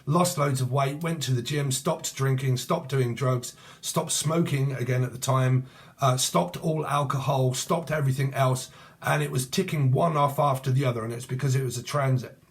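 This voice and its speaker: A man's voice: mid-range voice, fairly even intonation, moderate pace. A middle-aged British man giving a casual tarot reading, with rambling, crude talk and laughing asides. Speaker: tarot reader.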